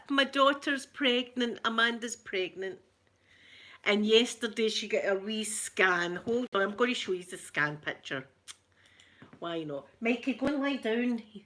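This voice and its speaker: A middle-aged Scottish woman hosting a casual livestream chat, excitedly gushing and greeting viewers by name. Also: mid-range voice. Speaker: ASMR livestream host.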